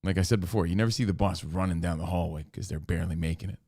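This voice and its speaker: A man co-hosting a casual talk show in a fairly low voice. He jokes around one moment and lectures the listeners the next, in a plain, conversational delivery. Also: very fast, warm tone. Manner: wisecracking, lecturing tone. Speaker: co-host. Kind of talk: casual radio show banter.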